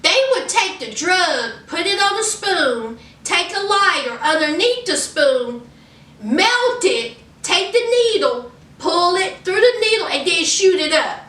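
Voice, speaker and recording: A high-voiced woman recaps a reality show in an animated, chatty style and talks right to her viewers. Her tone is bright and sharp. She sits back from the mic in an echoey room. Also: slow, recorded from a distance. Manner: animated, talks straight to viewers, retells scenes. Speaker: recap vlogger.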